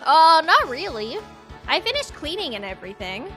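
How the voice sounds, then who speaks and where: A woman's voice: sits high, very animated, normal speed, sharp tone, soft background music, voice pushed up, exaggerated voice. A woman voicing a cheerful young female dove student in a bubbly, upbeat way during a game read-aloud.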